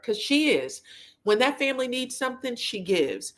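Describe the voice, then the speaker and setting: A woman's voice: fairly high pitch, moderate pace. Chatty woman hosting a live review. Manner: chatty, animated, laughs often. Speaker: reality TV review host. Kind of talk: casual live-stream chat.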